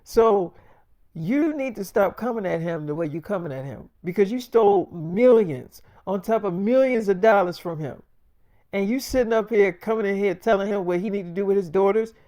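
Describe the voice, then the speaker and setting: A man's voice: high-pitched, mellow, dry recording, studio quality. A man voicing a furious young wife who scolds her mother, cursing heatedly in a freestyle role-play story.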